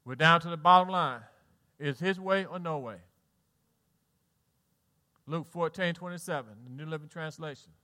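Preaching as pastor, a middle-aged man with a Southern US accent shifts between soft, low lines and loud exhortation, joking with his congregation in a folksy way. He keeps a moderate pace and pauses often.

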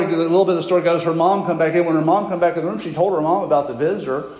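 A man's voice: fairly high pitch, darkish tone, muffled recording. A man telling a story in a sermon, rambling and correcting himself as he goes, in a church sanctuary. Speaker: preacher. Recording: very echoey large room.

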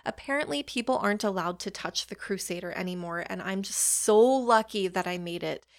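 A woman's voice: medium pitch, brisk. Chatty woman podcast host. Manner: chatty, swears casually, self-deprecating asides. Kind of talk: casual storytelling monologue.

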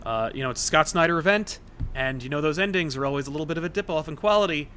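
A man's voice: a little high, expressive, rapid-fire, sharp tone, a little hiss or hum. Chatty male podcast host. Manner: chatty, storytelling, lots of fillers. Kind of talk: casual chat.

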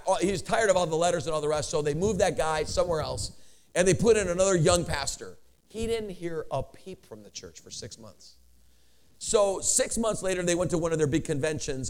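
A man preaching a sermon as a pastor, telling stories with rising energy and bursts of shouting. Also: a little high, quick pace. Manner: animated storytelling, building to shouts.

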